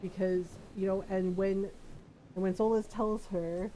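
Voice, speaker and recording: A woman's voice: medium pitch, a little slow, a little hiss or hum, rough recording. A woman streamer chatting casually while playing a game, talking to her chat and laughing often. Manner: animated, laughs often, quotes people in playful voices. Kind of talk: casual gameplay chat with chat readers.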